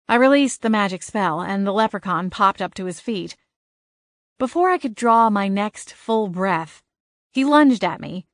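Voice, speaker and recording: A woman narrating a cozy paranormal audiobook in the first person, lively with wry asides. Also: mid-range voice, no echo, studio quality.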